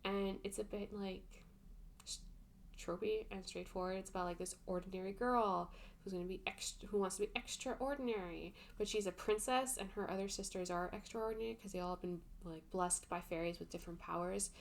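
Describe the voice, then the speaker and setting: A woman's voice: mid-range voice, fairly even intonation, fairly quick, creaky, slight background noise. A young woman vlogger ranting casually about books, chatty and full of fillers and exasperated asides. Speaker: book vlogger. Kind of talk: casual book review rant.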